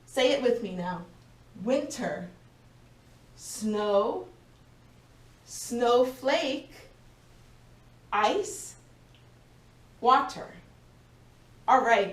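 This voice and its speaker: A woman teaching a vocabulary lesson to a class of young learners, speaking slowly and clearly and encouraging them as they go. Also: on the high side. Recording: echoey room, voice from a distance.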